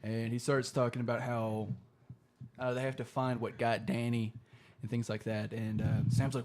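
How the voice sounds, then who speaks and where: A man's voice: medium pitch, little pitch movement, moderate pace, darkish tone. A young man co-hosting a podcast, casually recapping a TV episode in a rambling, laughing way, swearing freely. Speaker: podcast co-host.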